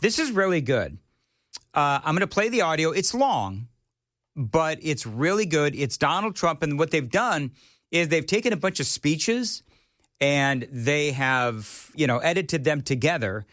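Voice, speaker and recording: A man's voice: fairly high pitch, sing-song, a little slow, a bit bright, dry recording, studio quality. A man hosting a morning talk radio show, opinionated and joking. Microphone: studio mic.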